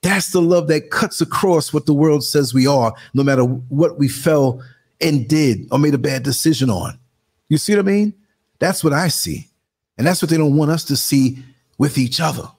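A man in his sixties with a New York accent, hosting a live show and chatting casually, telling animated stories and acting out quotes in a higher voice. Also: moderate pace, slightly rough. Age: 60s. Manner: animated storyteller, acts out quotes in a higher voice, laughs often. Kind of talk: casual live-stream chat.

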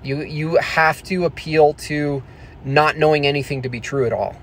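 A man's voice: fairly high pitch, fairly even intonation, moderate pace, a little hiss or hum. Crude, mocking male streamer. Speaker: livestream host. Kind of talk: casual livestream rant.

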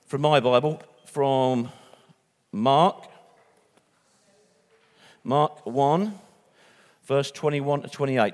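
A man preaching a sermon in a church hall, chatty and casual, often repeating words as he restarts. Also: medium pitch.

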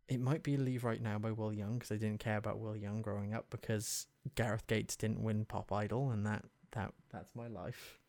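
A man's voice: on the low side, a little mellow, no room sound. A young man chatting casually and self-mockingly, reciting song lyrics half-spoken as he guesses them. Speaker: video host. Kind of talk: casual chat.

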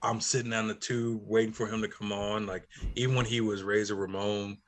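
A man's voice: on the low side, level tone, a little fast, a little hiss or hum. A middle-aged man co-hosting a casual talk show, reminiscing in a laid-back way with many restarts.

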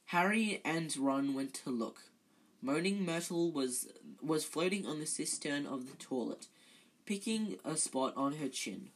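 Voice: mid-range voice, animated, unhurried, rough recording. A reader narrating a novel aloud in an amateur way, often stumbling and correcting themselves.

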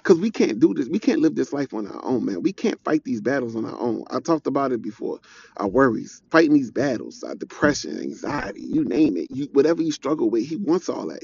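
A man's voice: medium pitch, big pitch swings, brisk, gravelly, a little mellow, lo-fi sound, a little hiss or hum. A young man giving an informal, earnest preaching talk, conversational and repeating his points. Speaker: devotional speaker.

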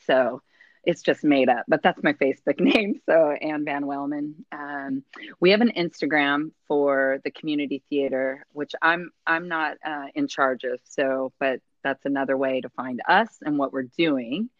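Low-voiced woman guest, dull dry sound. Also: fairly even intonation, measured pace, no room sound. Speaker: community theater leader, guest. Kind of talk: casual interview chat.

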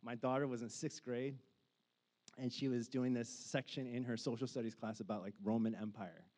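A man's voice: medium pitch, fairly even intonation, moderate pace, darkish tone. A man in his forties preaching a sermon as a pastor, casual and conversational with lots of filler words, building to fervent passages.

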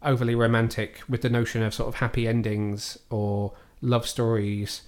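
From home, with a cat on his desk, a podcast host reviews films casually, sounding thoughtful and a bit hesitant as he weighs his opinions. His mid-range voice moves at a moderate pace with little pitch variation.

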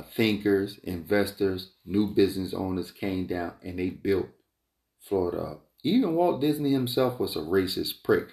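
An entrepreneur vlogger with a creaky, warm voice delivers a rambling opinion monologue, emphatic and repetitive, drifting into tangents and rising high in pitch when heated. The recording has a roomy echo.

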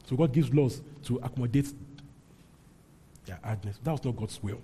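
A man's voice: medium pitch, normal speed, mellow, breathy edge. A man preaching a sermon as pastor, emphatic and often checking in with his congregation. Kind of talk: sermon teaching and prayer.

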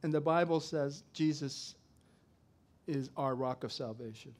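A middle-aged man preaching a sermon, swinging from loud to soft as he tells a story. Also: a little high, a little slow. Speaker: pastor.

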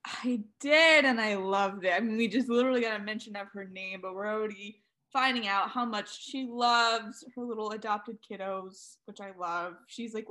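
A woman's voice: mid-range voice, moderate pace, bright, forceful tone. A young woman co-hosting a casual book discussion, playful and giggly, riffing on jokes. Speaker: podcast co-host.

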